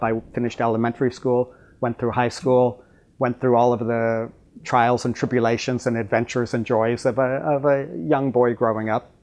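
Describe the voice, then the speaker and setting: Reflective man telling a life story. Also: mid-range voice. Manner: reflective, unhurried storyteller with frequent pauses. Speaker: monk. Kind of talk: storytelling talk.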